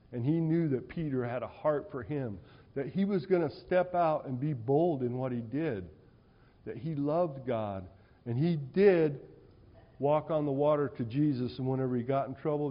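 A male preacher delivering a sermon in an animated, conversational storytelling way in a church hall. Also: mid-range voice. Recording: dull, reverberant hall sound.

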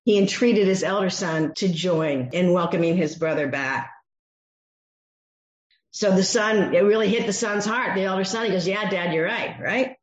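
A woman's voice: mid-range voice, normal speed. A woman preaching a sermon, teaching from a Bible passage and acting out the voices she quotes. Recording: echoey dull room sound.

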